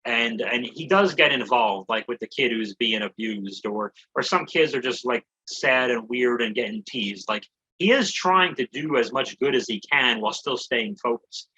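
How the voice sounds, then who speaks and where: A man's voice: mid-range voice, animated, normal speed, bright, forceful tone, muffled recording, a little hiss or hum. A man co-hosting a comedy podcast, recapping a movie in a rambling, joking way with some swearing. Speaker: podcast co-host. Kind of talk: casual comedy podcast chat.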